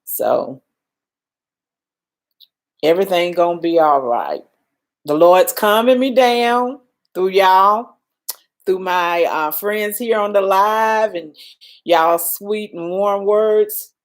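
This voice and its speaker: A woman's voice: mid-range voice, takes it slowly, long pauses. Shaken older woman on a live stream. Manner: emotional, reassuring, reads viewer comments aloud. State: shaken, calming down. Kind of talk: casual live stream chat.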